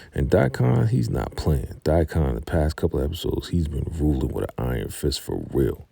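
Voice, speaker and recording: A man's voice: rumbling low, animated, moderate pace, vocal fry, warm tone, husky, no room sound. A man giving a casual, laid-back recap of a TV episode who chuckles often and talks to his viewers as y'all. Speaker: TV recap reviewer.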